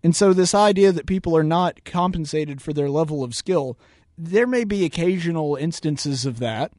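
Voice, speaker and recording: A radio host with a Southern US accent argues point by point against a video clip, delivering political commentary and repeating words for emphasis. His fairly high, expressive voice has a darkish tone and a moderate pace, captured in a clean, dry studio recording.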